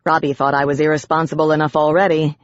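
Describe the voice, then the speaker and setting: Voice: mid-range voice, little pitch movement, quick pace, no room sound, lo-fi sound. Wry first-person audiobook narrator, dry sound.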